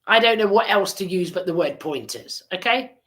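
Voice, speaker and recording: A woman's voice: mid-range voice, animated, moderate pace, fairly bright tone. A woman hosting a podcast, chatting and telling a story in a rambling, teasing way with many fillers. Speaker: podcast host. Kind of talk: casual chat and storytelling.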